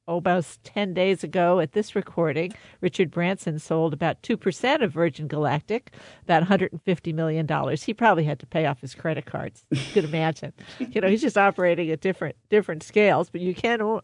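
A woman's voice: on the low side, darkish tone, no room sound, studio quality. A woman hosting an interview, asking questions and making wry, joking asides. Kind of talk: conversational interview.

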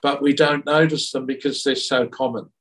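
A man being interviewed, talking in an earnest, reflective way with halting restarts. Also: mid-range voice, steady tone, a bit bright, distant mic, low-quality recording. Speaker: interview guest. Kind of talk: reflective conversational storytelling.

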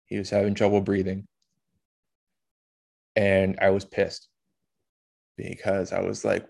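Man, podcast host, low voice, monotone, emotional, halting, blunt swearing. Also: vocal fry. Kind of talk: personal storytelling monologue.

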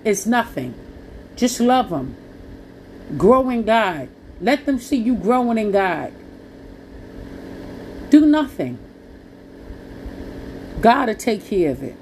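A woman's voice: fairly high pitch, darkish tone, a little hiss or hum. A woman with speech, preaching to listeners in an earnest, pleading, blunt way. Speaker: Christian preacher.

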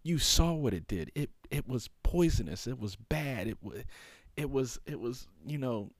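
A man voicing a stern, exasperated God scolding a prophet, in a high strained half-whisper and insisting over and over. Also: expressive, normal speed, no room sound, studio quality.

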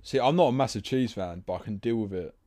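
A man's voice: on the low side, quick pace, mellow. A young man in casual chat, emphatic and swearing freely.

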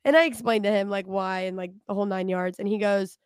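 A woman's voice: medium pitch, fast, a little mellow, smooth, dry recording, clean studio sound. A woman in her twenties co-hosting a podcast, chatting casually in a blunt, profane way and laughing often, while getting over a cold. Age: 20s. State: recovering from a cold. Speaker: podcast co-host. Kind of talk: casual chat.

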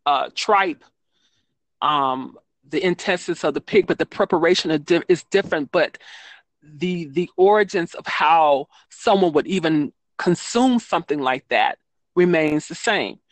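Deep and expressive, the woman's voice moves a little slowly as she chats in an interview as a guest children's book author. She rambles with frequent ums and self-corrections, and no room sound is present.

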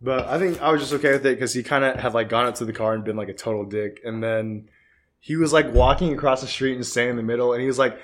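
Young male co-host, mid-pitched, relaxed, chuckles and swears in easy chat. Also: fast. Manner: laid-back, chuckling, swears casually. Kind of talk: casual chat.

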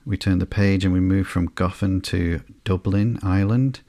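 A man hosting a sleepy podcast, reading through a comic slowly and flatly with frequent ums and uhs. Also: low-pitched, no echo. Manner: slow, flat and unhurried, with frequent ums and uhs. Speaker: podcast host.

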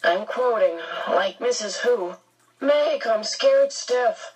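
A woman voicing a frightened teenage boy who speaks slowly in a strained, raised voice. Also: medium pitch, husky, recorded from a distance, rough recording. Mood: scared. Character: scared teenage boy, wry and stiff.

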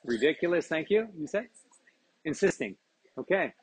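A man leading a live group workshop as a yoga teacher, giving brisk, encouraging instructions and acknowledging each answer with a quick "okay, very good.". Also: a little high, big pitch swings. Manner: laughs often while checking in with participants. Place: live session at a retreat.

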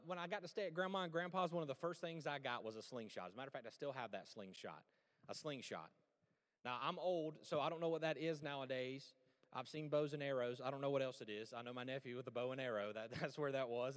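A man preaching a sermon in a folksy, conversational way, swinging between loud and hushed delivery. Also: on the high side. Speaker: pastor. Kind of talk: sermon with storytelling. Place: church sanctuary. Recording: long church hall reverb.

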